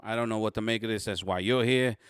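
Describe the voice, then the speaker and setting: A man voicing a gruff male police detective with a put-on New York Italian accent, blunt and streetwise. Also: lowish voice, fairly even intonation, quick pace, no room sound, studio quality, natural voice.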